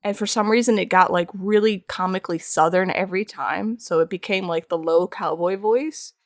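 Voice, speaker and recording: A woman's voice: medium pitch, normal speed, dry recording, studio quality. A young woman chatting casually with her viewers while streaming art from home. She rambles, pokes fun at herself and laughs often. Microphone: streaming microphone.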